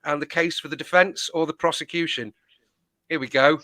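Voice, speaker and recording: A man hosting a casual fan phone-in, his voice sitting a little high. He talks haltingly, searching for words. The sound is dry and close. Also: steady tone, sharp tone, dry recording. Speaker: fan channel host.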